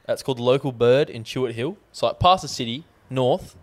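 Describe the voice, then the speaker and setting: A man's voice: medium pitch, brisk, background noise. Seorang pria dengan aksen Australia yang antusias, sering bilang "bro" dan "man" dalam obrolan santai. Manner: enthusiastic, says bro and man a lot. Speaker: podcast co-host. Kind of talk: casual chat.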